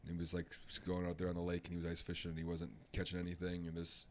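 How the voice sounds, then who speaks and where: A young man with a very deep, low voice, chatting casually on a podcast and spinning a joke with lively energy. Faint noise hums behind him. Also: quick pace. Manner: laughs loudly at punchlines, animated storytelling. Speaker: podcast co-host. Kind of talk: casual chat, telling a joke.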